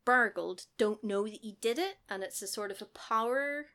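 A woman's voice: medium pitch, normal speed, a bit bright. A woman in casual chat, rambling through a film recap and acting out the lines she quotes. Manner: rambling, laughs often, acts out quotes.

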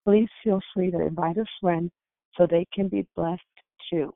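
A woman hosting a prayer phone call, reading the order of service in a measured, formal way. Her voice has a gravelly edge. The sound is dry and squeezed through a tinny phone line. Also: fairly low pitch, steady tone, no room sound. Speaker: call host and greeter. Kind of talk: scripted announcements.

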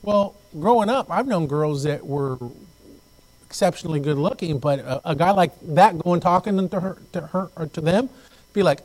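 A man preaching a sermon as pastor, telling stories with lively acted-out voices and repeating phrases as he goes. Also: a little high, moderate pace, poor audio. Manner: animated storytelling, acts out quoted voices. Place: church.

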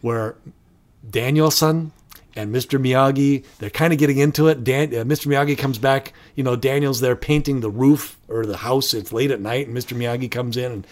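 Animated male podcast co-host. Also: mid-range voice, normal speed. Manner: animated storytelling, acts out movie quotes. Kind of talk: casual podcast chat.

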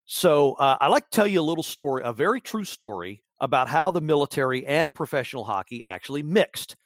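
A man's voice: a little high, animated, brisk, no room sound, studio quality. A man hosting a casual sports podcast, rambling and wry with lots of fillers. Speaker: podcast host.

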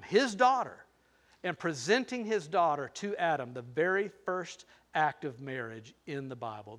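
A man's voice: a little high, a bit bright. An older man preaching a sermon, playful and teasing, talking straight to the crowd. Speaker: pastor.

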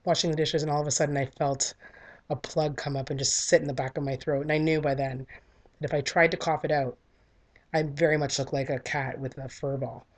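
A woman's voice: low-pitched, steady tone, brisk. A woman in her thirties giving a candid, earnest talk that tells a personal story in a conversational way. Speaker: speaker sharing a personal story.

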